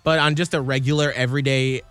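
A man with a mid-range voice co-hosts a relaxed chat. He chimes in to agree and adds short points of his own. The sound is dry and close. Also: mid-range voice, fast talker, clear, resonant tone, dry recording, faint music behind. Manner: agreeable, chiming in with short affirmations. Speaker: co-host. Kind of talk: casual podcast chat.

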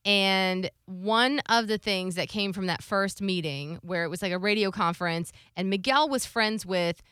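A woman in her thirties, a radio morning show co-host, telling a story in casual podcast chat, animated and laughing often. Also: medium pitch, moderate pace, clean tone, dry recording, clean studio sound.

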